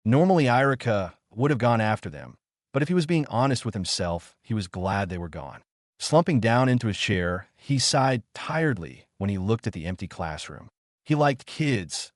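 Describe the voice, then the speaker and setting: A man narrating a fan-fiction story in a steady storytelling manner. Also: lowish voice, moderate pace, no room sound, clean studio sound.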